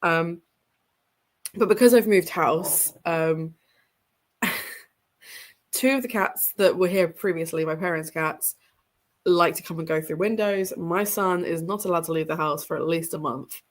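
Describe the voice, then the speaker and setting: A young woman talks casually on a home reading stream, her voice stuffy and congested. She rambles along with frequent ums and little laughs, her pitch sitting a touch low for a woman. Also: a little slow, pauses often. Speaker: reading livestream host. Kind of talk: casual livestream chat. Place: home room with bookshelves behind her.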